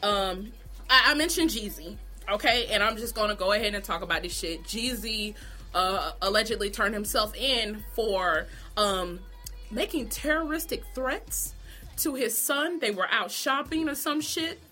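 Bright, profane woman ranting. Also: medium pitch, unhurried, faint music behind. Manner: animated, profane, talks straight to viewers. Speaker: vlogger. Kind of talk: comedic gossip rant.

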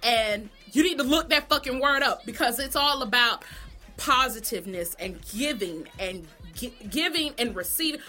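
High, bright, profane woman. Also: normal speed, soft background music. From Savannah, Georgia. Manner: profane, animated, acts out characters. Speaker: TV recap vlogger. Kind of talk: casual TV show recap.

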